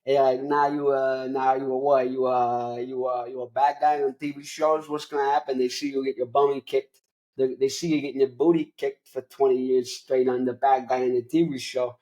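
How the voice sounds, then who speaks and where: A man's voice: medium pitch, little pitch movement, moderate pace, darkish tone, close to an everyday voice, low-quality recording. Man playing a brash producer making a hard sell, wheedling patter. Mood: pushy. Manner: brash, wheedling hustler talk. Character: pushy fast-talking male movie producer.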